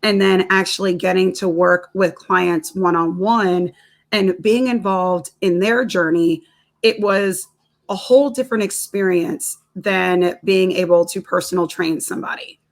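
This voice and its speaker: A woman's voice: lowish voice, fairly even intonation, a little slow, vocal fry. A woman, a nutrition counselor and personal trainer, telling a personal story in a casual interview, laughing often and repeating words as she goes.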